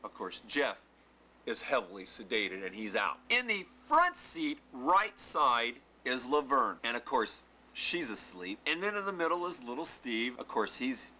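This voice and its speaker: A man telling a funny personal anecdote aloud, animated and vivid, acting out what people said. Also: mid-range voice, measured pace, slight background noise. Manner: animated, acts out quotes and shouts. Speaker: storyteller.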